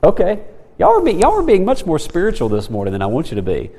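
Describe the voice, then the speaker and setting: Male Sunday school teacher, animated pitch swings, church hall reverb. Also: quick pace, a little hiss or hum. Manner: animated, asks the class questions, acts out quotes. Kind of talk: Bible lesson to a church class. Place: church room.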